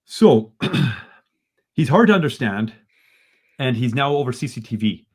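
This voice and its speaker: Animated man telling a story. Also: mid-range voice, measured pace, husky. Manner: animated, exasperated retelling, often tags lines with "right?". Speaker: guest. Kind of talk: casual storytelling in a podcast interview.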